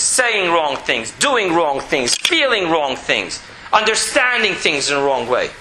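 A middle-aged man teaching a spoken Torah class, animated and repetitive, sometimes dropping to a quiet, even monotone. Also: high-pitched. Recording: roomy echo with faint background noise.

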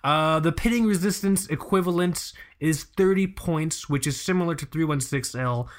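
Young male podcast host; casual, profane, lively storyteller. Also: fairly high pitch, moderate pace, a little hiss or hum. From United States. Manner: profane, animated storytelling with laughs. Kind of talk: casual chat.

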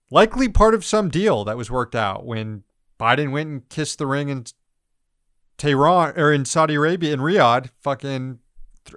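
A man's voice: on the high side, a bit bright, no room sound, studio quality. A man co-hosting a news podcast, reading headlines and riffing on them with sarcastic, profane commentary. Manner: sarcastic, profane, mocking voices of officials. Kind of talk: casual political commentary.

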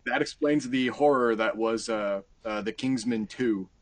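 Wry, self-deprecating podcast co-host. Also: male voice, mid-range voice, unhurried, a crowd in the background. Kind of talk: casual podcast chat.

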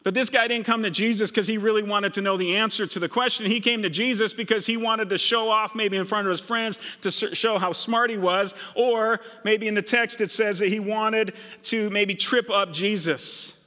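A man's voice: sits high, steady tone, moderate pace, hardly any pauses, pushed and bright, in a large hall. A middle-aged man from Minnesota preaching a sermon, retelling a story and voicing the characters' thoughts. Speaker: pastor.

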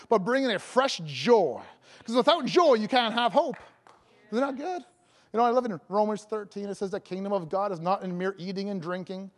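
A man evangelist preaching a sermon, joking and laughing between lines and breaking into loud proclamations of scripture. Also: high voice. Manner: jokey, laughing often, bursts of loud proclaiming.

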